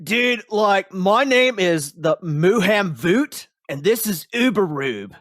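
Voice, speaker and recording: A man's voice: high voice, big pitch swings, slow, a bit bright, no room sound, clean studio sound, pitched above the performer's own voice, exaggerated voice. A man voicing a laid-back stoner elf man who drawls surfer slang and keeps saying dude. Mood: mellow.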